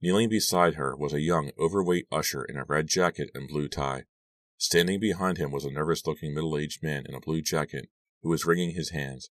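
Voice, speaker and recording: An audiobook narrator with an extremely deep male voice reading a first-person story steadily. The sound is close and dry, with no room around it. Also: a little fast, no room sound, distant mic.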